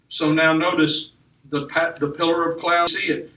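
A man's voice: on the high side, little pitch movement, moderate pace, bright, forceful tone. A man preaching a sermon in a church, with emphatic delivery that rises and falls. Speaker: pastor. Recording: echoey church room from far off.

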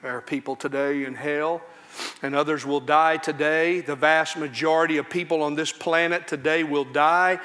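A man preaching a sermon from a church pulpit, his voice bright and a touch high. He swings between loud, soaring outcries and low, hushed warnings. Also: steady tone, moderate pace. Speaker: pastor.

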